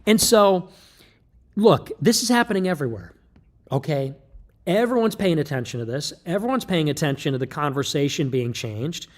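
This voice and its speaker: A man's voice: fairly high pitch, lively intonation, normal speed. A man delivering an emphatic, lecturing livestream monologue, loose and joking in tone. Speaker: livestream commentator.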